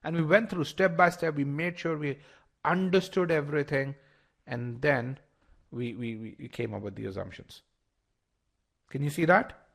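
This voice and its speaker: Higher-pitched man teaching a live online class. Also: moderate pace, vocal fry, long pauses, a bit bright. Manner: explanatory, repeats words and restarts, polls the audience. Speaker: test-prep instructor.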